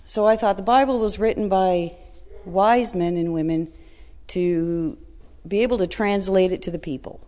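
A middle-aged woman telling a personal story in a blunt, colloquial, animated way. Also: medium pitch, moderate pace, in a large hall.

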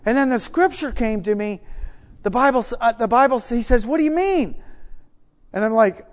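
Male preacher, high voice, storytelling sermon, halting restarts, hushed then loud.

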